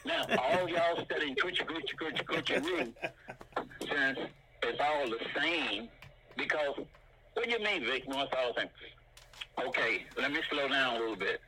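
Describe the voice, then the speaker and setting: An older man teaching martial arts in an animated way, punctuating his points with sound effects like boom and bam. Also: unhurried, slightly rough, poor audio.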